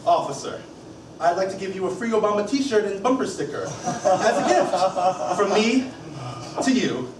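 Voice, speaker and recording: A man's voice: sits high, lively intonation, measured pace. An actor playing a wry young male campaign staffer who jokes and laughs often, on a stage. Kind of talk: stage play acting with direct address to the audience. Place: theater stage. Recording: echoey stage, from far off, with hiss.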